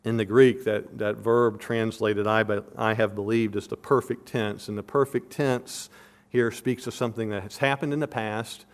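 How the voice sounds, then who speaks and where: A man's voice: lowish voice, fairly even intonation, normal speed. A man giving an expository sermon, earnest and emphatic, repeating his questions for stress and explaining verses and verb tenses like a teacher. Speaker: preacher.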